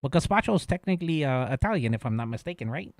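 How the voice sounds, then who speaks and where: Man bantering in character, voice jumps around a lot, bit high, dry sound. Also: fast talker, no echo. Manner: animated, uses Chicano slang like vato.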